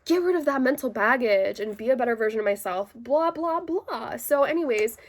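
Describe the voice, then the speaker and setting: A woman with a slightly high voice tells a personal story straight to her viewers. She talks casually and chattily, with plenty of "like" fillers. An indignant edge runs through the retelling. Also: animated, a little fast. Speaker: vlogger telling a personal story.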